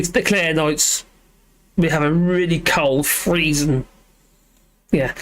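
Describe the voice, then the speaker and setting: Man with a fairly high voice, hosting a live chat from home; rambly, self-deprecating, lots of ums. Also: fairly bright tone. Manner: rambling, self-deprecating, many fillers and restarts. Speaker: livestream host reading chat.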